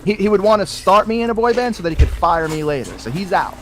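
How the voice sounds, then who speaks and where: A man's voice: high-pitched, expressive, fast, faint music behind. A man co-hosting a casual podcast, prodding and teasing in loose banter. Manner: pushy, joking, prodding. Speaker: podcast co-host.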